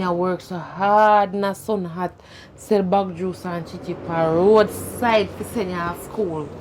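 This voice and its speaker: A woman's voice: mid-range voice, background noise, close to an everyday voice. An actress playing a hardworking Jamaican mother who sells goods by the roadside, scolding her daughter over and over. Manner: scolding, repetitive interrogating. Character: furious hardworking street-vendor mother. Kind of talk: Jamaican film acting.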